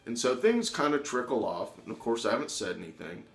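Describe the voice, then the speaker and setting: A man telling a personal story in an animated way, acting out the voices of the people in it. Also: medium pitch, normal speed, few pauses. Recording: echoey room.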